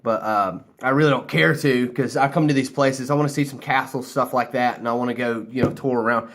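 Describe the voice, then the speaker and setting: A man's voice: mid-range voice, fairly even intonation, a little fast, fairly bright tone. An American man telling a rambling story casually to camera, loose and a few drinks in. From United States. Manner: rambling, laughing, loose and chatty. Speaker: vlogger.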